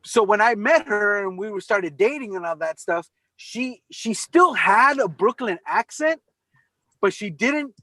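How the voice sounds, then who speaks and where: Animated high-voiced man telling stories. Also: measured pace, no room sound. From California. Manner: animated storyteller, swears freely. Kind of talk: casual chat. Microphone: video call.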